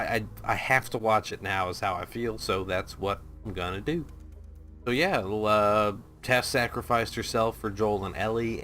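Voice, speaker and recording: A male reaction host with a lowish, bright and forceful voice. He talks casually and loosely, rambling and swearing freely. His asides are self-deprecating. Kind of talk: casual commentary to camera.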